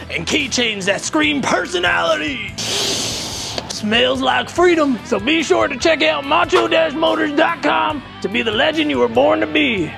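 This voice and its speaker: A man putting on a squeaky gravelly ad announcer. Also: exaggerated voice, low-quality recording. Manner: salesy, exaggerated pitch. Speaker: merch ad announcer. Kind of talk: mock commercial. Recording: music bed under the voice.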